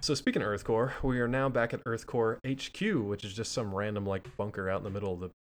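A man co-hosting a casual podcast, recapping an old cartoon with jokey, animated storytelling. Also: fairly low pitch, fast. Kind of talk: casual chat.

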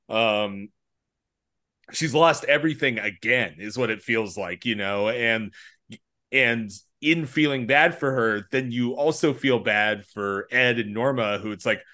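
Bright-toned, hesitant man podcaster. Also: medium pitch. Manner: hesitant and rambling, many fillers and restarts. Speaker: podcast co-host. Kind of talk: casual chat.

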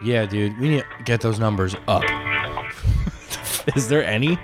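A man's voice: lowish voice, slow, over loud music. A man co-hosting a comedy podcast, laid-back, teasing and crude. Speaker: podcast co-host. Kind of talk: casual comedy podcast banter.

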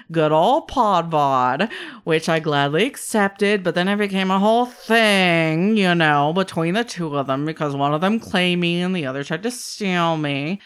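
A woman voicing a mischievous male trickster spirit who talks in a playful, drawn-out, chatty way. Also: on the low side, fairly bright tone, clean tone. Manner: teasing, drawn-out, chatty with trailing fillers.

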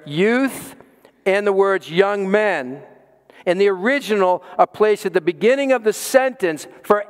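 A man preaching a sermon as pastor, emphatic, with dramatic pauses and repeated words. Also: sits high, clear, resonant tone, in a large hall.

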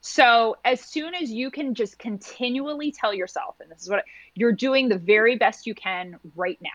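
A chatty woman speaking in a fairly high voice, recorded dry and close with no room sound. She works as a postpartum doula and chats in a podcast conversation, slipping into small acted-out quotes. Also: moderate pace, fairly bright tone, no echo, dull audio. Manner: chatty, acts out little quoted exchanges.

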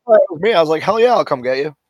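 A man's voice: on the high side, expressive, very fast, no echo, dull audio. A man co-hosting a podcast in casual chat, throwing in wry, teasing quips. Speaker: podcast co-host.

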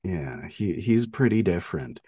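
Male podcast co-host, slightly husky, animated and rambling, restarts a lot, dry room. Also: low voice, no echo. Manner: halting, many restarts and fillers, laughs often. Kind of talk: casual film discussion.

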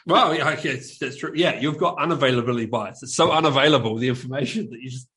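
A man's voice: medium pitch, fast talker, pushed and bright. A man with a New Zealand accent co-hosting a podcast, telling a rambling story full of fillers and restarts. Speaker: podcast co-host. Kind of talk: casual chat.

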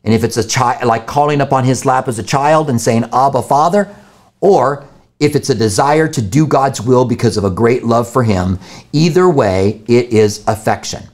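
A man's voice: medium pitch, normal speed, a little mellow. A man answering viewer questions about the Bible on a live stream, thinking aloud with fillers and restarts.

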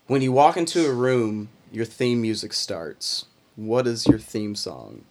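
A man's voice: fairly low pitch, expressive, a little slow, darkish tone, slight background noise. A man hosting a casual chat, reading questions out to his guests.

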